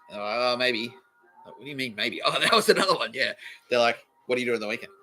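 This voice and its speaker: Australian man, young, comedy podcast host, swearing and laughing, bright tone, faint music behind. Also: medium pitch, expressive, fast talker. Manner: profane, laughing, acts out quoted people. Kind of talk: comedic storytelling monologue.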